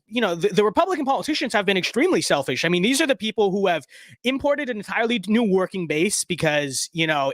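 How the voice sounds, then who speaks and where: Animated, high-voiced male political streamer. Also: dry recording, clean studio sound. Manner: rambling, sarcastic, restarts sentences. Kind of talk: casual livestream reaction commentary.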